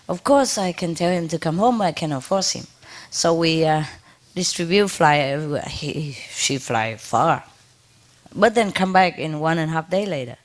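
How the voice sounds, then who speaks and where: A woman telling a story to an audience. She laughs often, repeats her words and stops to imitate sounds. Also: medium pitch.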